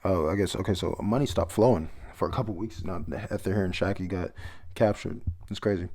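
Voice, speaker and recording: A young man with a lowish voice talks through a comic chapter in loose, casual commentary. He rambles, trips over words as he reads and drops the odd curse. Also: a little fast, dark tone. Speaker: manga chapter reviewer.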